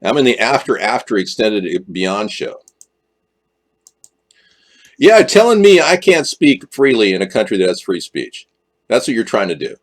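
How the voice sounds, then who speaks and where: A man's voice: lowish voice, big pitch swings, moderate pace, pauses often. A man hosting a political live stream, rambling and joking and often jumping into exaggerated voices. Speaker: livestream host.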